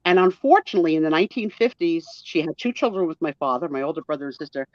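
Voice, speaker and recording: A woman's voice: low-pitched, expressive, fast, no echo. A woman in her sixties with a New Jersey accent, chatting casually and telling family stories while mimicking other people's voices. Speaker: guest storyteller. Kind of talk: casual chat. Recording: muffled lo-fi audio.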